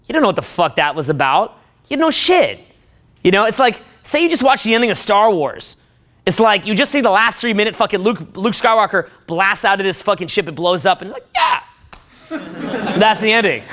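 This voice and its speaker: A man delivers a profane dating-advice rant in a high, ringing voice. He swears constantly and gets more and more excitable, breaking into loud shouts as he acts out movie scenes.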